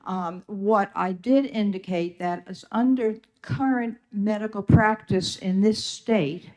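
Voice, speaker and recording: An older witness speaks before a legislative committee in a slow, deliberate way. The pitch sits mid-range and the delivery is measured, with frequent ums and careful restarts. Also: a little mellow. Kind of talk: formal testimony.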